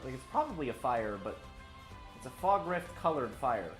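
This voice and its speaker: Guy rambling through a game stream, lively voice, music loud behind him. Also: medium pitch, moderate pace, echoey room. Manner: rambling, joking, mild swearing. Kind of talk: casual live gameplay commentary.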